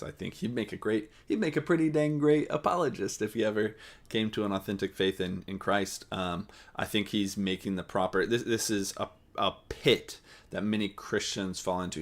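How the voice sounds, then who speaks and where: Host, male, low voice, earnest reflective commentary that thinks aloud between clips. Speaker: channel host. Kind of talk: commentary on a played panel.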